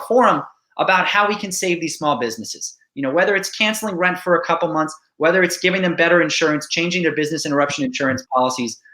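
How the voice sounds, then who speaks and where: Quick, bright-voiced earnest man, echoey room. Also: fairly high pitch. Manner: earnest, speaks in lists. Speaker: guest speaker. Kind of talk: earnest policy talk.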